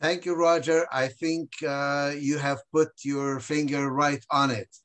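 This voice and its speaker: A man moderating a webinar over a video call, speaking in a measured way with frequent hesitations. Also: a little high, flat delivery, a bit bright. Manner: hesitant, many uhs. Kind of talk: measured commentary.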